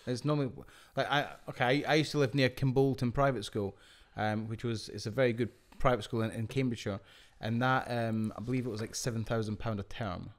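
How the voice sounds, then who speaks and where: A man's voice: medium pitch, fairly even intonation, brisk, hardly any pauses. Easygoing man, podcast co-host. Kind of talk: casual chat.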